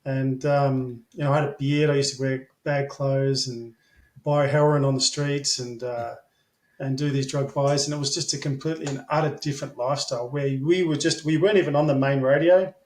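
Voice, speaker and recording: An Australian man, a guest in an interview, tells long rambling stories full of ums and blunt swearing. His medium-pitched voice is fairly even, brisk and a little mellow, and the casual storytelling is recorded in an echoey room.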